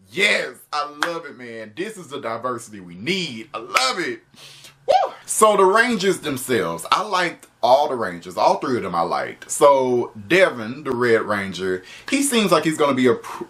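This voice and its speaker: A man reviewing a show on video in a loose, chatty way. He is animated, laughs often and swears freely, at a middling pitch for a man. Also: a little hiss or hum. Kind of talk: casual spoken review.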